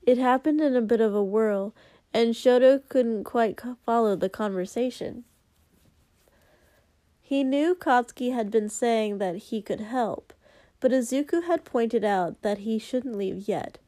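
Woman, story narrator, slow measured reading, fairly high voice, dry close sound. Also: warm tone, dry recording. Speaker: audiobook narrator. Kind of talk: story narration read aloud.

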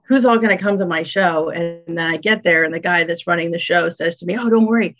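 A woman music executive, a guest on an interview show, telling animated stories and acting out what people said. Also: fairly low pitch, a little fast. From northeastern United States. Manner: animated storyteller, acts out quotes. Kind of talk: casual interview chat. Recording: dull lo-fi audio.

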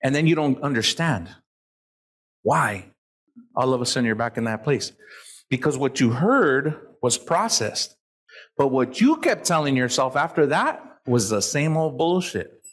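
A man giving a live motivational talk to an audience, animated and profane, acting out the people he quotes. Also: mid-range voice, normal speed. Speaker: motivational speaker.

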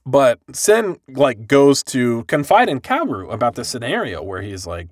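A man's voice: medium pitch, sing-song, a little slow, few pauses, no room sound, studio quality. A man hosting a podcast, recapping an anime in casual, profane chat and acting out the characters' lines. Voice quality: bald-headed joker, swears freely. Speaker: podcast host.

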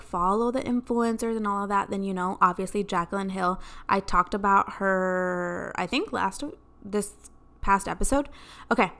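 A young woman chatting on her own podcast, telling stories with lots of drama and animated energy. She acts out the other people's lines as she goes. Her voice sits at a middle pitch. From Mexican-American family. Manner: animated, dramatic storytelling with quoted dialogue. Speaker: podcast host. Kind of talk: casual solo podcast chat.

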